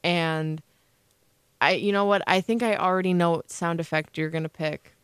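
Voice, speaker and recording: A woman's voice: lowish voice, steady tone, normal speed, clear, resonant tone, no room sound, clean studio sound. A young woman co-hosting a casual chat show, telling a long rambling story with lots of fillers. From Illinois, USA. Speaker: co-host.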